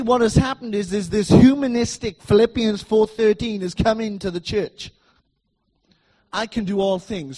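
A middle-aged man preaching a sermon in a church, emphatic and repetitive, swinging between loud declarations and soft asides. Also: very high-pitched.

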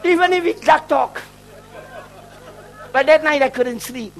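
A man's voice: very high voice, measured pace, creaky, poor audio. A middle-aged man from Malaysia, a traveling preacher telling a testimony in his sermon. He jokes and mocks himself. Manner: joking, self-mocking storyteller who laughs at his own lines.

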